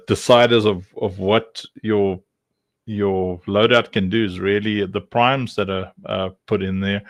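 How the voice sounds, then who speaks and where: A man's voice: fairly low pitch, creaky, dry recording. Joking South African man hosting a stream. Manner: joking, laughs often, rambling with many fillers. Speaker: livestream host. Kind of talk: casual chat.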